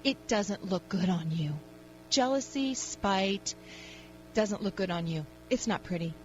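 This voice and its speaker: A woman's voice: medium pitch, measured pace, darkish tone, dull audio, a little hiss or hum. A woman hosting a call-in radio advice show, talking in an upbeat, emphatic pep-talk manner.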